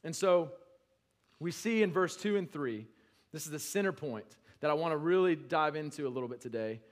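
Male pastor, slightly high voice, preaching conversationally, swells to emphatic peaks, then drops low. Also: expressive, moderate pace. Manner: conversational with restarts and asides. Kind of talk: sermon.

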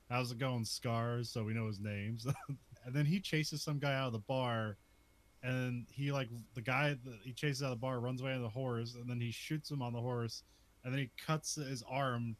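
A man chats through a movie plot in a loose, casual way, laughing often as he goes. His pitch sits right in the middle for a man, and his talk is full of filler words. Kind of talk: casual chat recapping a movie.

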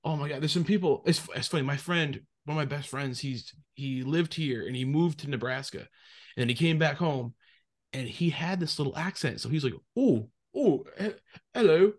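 A man hosting a podcast, telling stories in a chatty, animated way with lots of fillers. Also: on the high side, brisk. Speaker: podcast host. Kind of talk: casual chat.

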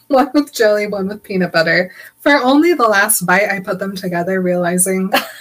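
A woman's voice: medium pitch, normal speed, very noisy. A young woman co-hosting a podcast, chatting casually and retelling scenes with acted-out quotes. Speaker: podcast co-host. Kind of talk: casual chat.

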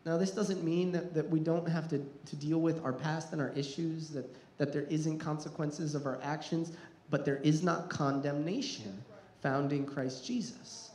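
A man's voice: a little high, moderate pace, darkish tone. Earnest male preacher in an echoey hall. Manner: earnest, repeats words when restarting, rises in intensity. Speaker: pastor. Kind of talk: sermon.

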